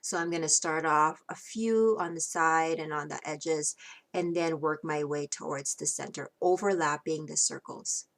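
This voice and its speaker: Low-voiced woman talking through a craft tutorial. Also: normal speed. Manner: relaxed, with frequent ums and restarts. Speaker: craft class instructor.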